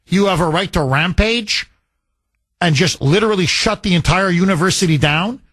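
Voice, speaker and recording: A man's voice: sits high, normal speed, fairly bright tone, no room sound. A man hosting a talk radio show, speaking emphatically and building heat as he argues.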